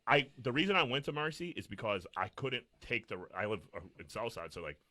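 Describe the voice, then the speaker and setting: A man's voice: medium pitch, sing-song, quick pace, pushed and bright, no echo. A man in his thirties, co-hosting a casual podcast and telling stories in a rambling, profane way. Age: 30s. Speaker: podcast co-host.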